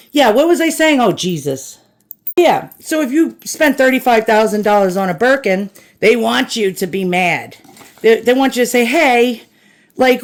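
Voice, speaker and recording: A woman in a blunt, profane, casual rant to camera, unboxing and chatting with her viewers. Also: mid-range voice. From United States. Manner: blunt and profane, addresses viewers as "boys and girls". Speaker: shopping vlogger. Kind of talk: casual ranting chat to camera.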